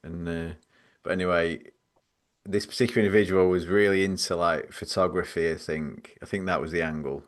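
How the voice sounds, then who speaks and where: Rambling low-voiced male podcast host. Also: steady tone, brisk. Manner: rambling, self-deprecating, laughs easily. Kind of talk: casual storytelling chat.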